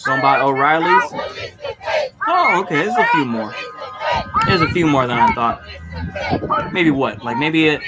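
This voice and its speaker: A man's voice: fairly high pitch, sing-song, a little slow, pauses often, over loud music, a loud crowd. A man casually commenting on footage during a livestream, rambling and swearing with lots of fillers. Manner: rambling, profane, many fillers. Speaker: streamer reacting to protest footage.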